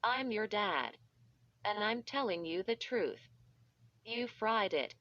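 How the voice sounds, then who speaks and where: A woman's voice, likely synthetic, reading a blunt father who repeats himself in a loud whisper. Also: mid-range voice, expressive, slow, dry recording. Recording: dull lo-fi.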